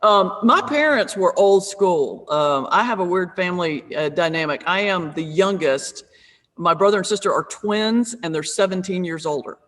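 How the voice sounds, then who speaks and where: Woman in her fifties, pastor and comedian, tells lively funny stories on a video call with a long room echo. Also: lowish voice, moderate pace. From North Carolina, USA. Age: 50s. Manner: humorous, lively, self-deprecating. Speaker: pastor and comedian, interview guest. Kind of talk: conversational storytelling.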